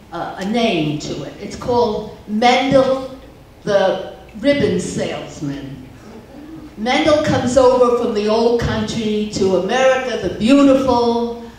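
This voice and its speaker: A woman's voice: fairly high pitch, a little hiss or hum. An older woman telling jokes at a talent show in a chatty storytelling manner, recorded from far off in an echoey hall. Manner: slow, chatty storytelling with Yiddish words. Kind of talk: stage joke-telling. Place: large theater stage.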